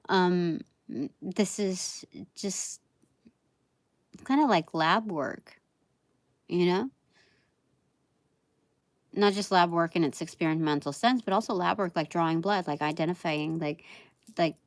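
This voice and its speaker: Slow, low-voiced woman reading tarot. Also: dry recording. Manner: meandering and halting, with many fillers; laughs softly between thoughts. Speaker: tarot reader. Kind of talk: live tarot reading stream.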